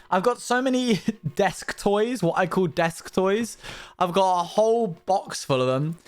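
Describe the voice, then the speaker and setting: A man's voice: fairly high pitch, very animated, moderate pace. Giggly, rambling young man. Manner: rambling, giggly, self-mocking. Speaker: livestream host. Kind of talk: casual livestream chat.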